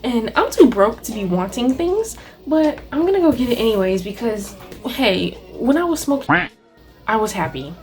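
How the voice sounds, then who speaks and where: A woman's voice: a little high, big pitch swings, moderate pace. A young adult woman talking casually as an artist vlogger, full of "like" fillers, swearing and ranting. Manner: chatty, many "like" fillers, swears and rants with laughs. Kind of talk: casual vlog chat. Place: home art studio. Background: faint background music.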